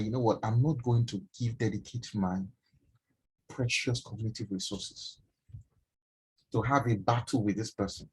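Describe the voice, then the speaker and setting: A middle-aged Nigerian man with a Nigerian accent, a doctor telling a personal story to an online audience in an emphatic, animated way. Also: fairly low pitch, breathy edge, rough recording. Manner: emphatic, animated, addresses listeners directly. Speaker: doctor and mentorship speaker. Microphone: online stream from home.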